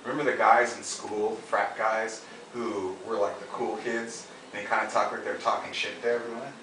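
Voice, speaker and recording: A man's voice: fairly low pitch, moderate pace, hardly any pauses, echoey room, distant mic, noisy background. A man coaching a trainee, acting out lines and laughing as he demonstrates. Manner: animated, demonstrative, laughs often. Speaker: dating coach.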